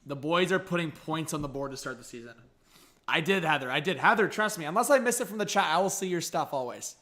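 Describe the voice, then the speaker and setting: A man doing excitable live reaction commentary on a hockey game as a stream host, talking straight to his chat. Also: fairly high pitch, fast. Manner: excitable, hyped, addresses the chat directly.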